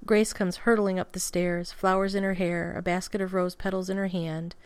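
A woman narrating a fan fiction story aloud at a steady pace with casual swearing. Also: fairly low pitch, moderate pace, clear, resonant tone, dry recording.

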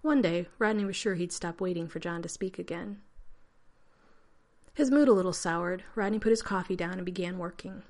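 A woman reading a story aloud in a steady, measured narration. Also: on the low side. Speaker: audiobook reader.

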